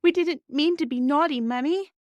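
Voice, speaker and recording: A woman doing an earnest young girl, high-voiced. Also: fairly quick, a little mellow, no room sound, natural voice. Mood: tearful.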